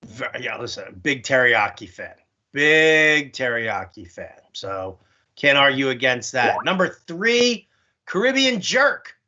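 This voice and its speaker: A man's voice: medium pitch, expressive, measured pace, bright, forceful tone, highs cut off. A man co-hosting a podcast, chatting casually in a rambling, joking way full of fillers. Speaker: podcast co-host. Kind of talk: casual banter.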